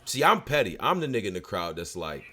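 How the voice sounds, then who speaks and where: A man co-hosting a casual recap show, talking in an animated, profane, trash-talking way. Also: fairly low pitch, quick pace, background noise. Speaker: podcast co-host.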